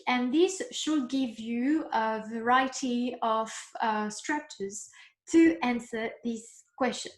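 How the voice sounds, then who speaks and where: A woman teaching a beginners' lesson, explaining slowly step by step and checking in with the class. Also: fairly high pitch, reverberant. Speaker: French teacher. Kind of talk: recorded online lesson.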